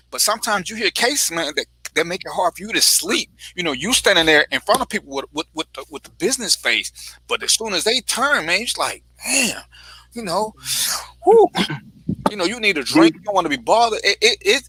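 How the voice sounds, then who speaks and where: Blunt, bright-voiced man talking frankly. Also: sits high, sing-song, fairly quick, slightly rough, no echo, poor audio. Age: adult father. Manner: blunt, profane, emphatic. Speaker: panel guest. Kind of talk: casual panel talk.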